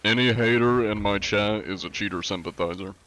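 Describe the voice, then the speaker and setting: A man with a very deep, low voice talks casually to his live-stream chat. He rambles through wry, joking answers and banters with his viewers. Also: brisk, fairly bright tone. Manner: says he is often compared to a deep-voiced narrator.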